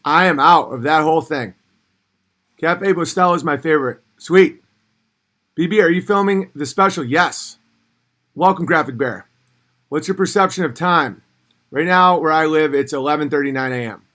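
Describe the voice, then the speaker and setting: A man running a casual livestream reads out viewer comments and answers them bluntly and profanely. His voice sits a little high and he keeps a moderate pace with frequent pauses. He's animated and sometimes rises to a shout.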